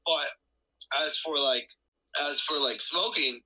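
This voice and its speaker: A man on a podcast with a very bright, forceful tone and a husky edge. He talks casually and earnestly, and now and then turns to playful lecturing. His voice sits a little high for a man. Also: takes it slowly, rough recording. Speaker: podcast co-host.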